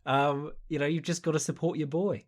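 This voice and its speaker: A man hosting a solo podcast, reading out listener questions and answering in a rambling, chatty way with quick asides. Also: on the high side, steady tone. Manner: mimics people in quoted voices. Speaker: podcast host.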